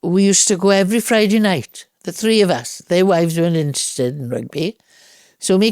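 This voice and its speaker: An older woman from Wales with a Welsh accent, a podcast guest telling lively anecdotes and acting out the dialogue. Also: sits low, dry recording, studio quality. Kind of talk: storytelling in a podcast interview.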